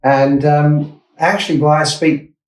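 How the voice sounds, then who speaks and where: A man's voice: on the high side, flat delivery, a little slow, darkish tone. Man, 60s, from Essex, England, interview guest, rambling anecdotes, self-corrections, mic at a distance, echoey room. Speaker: investor and startup founder, guest.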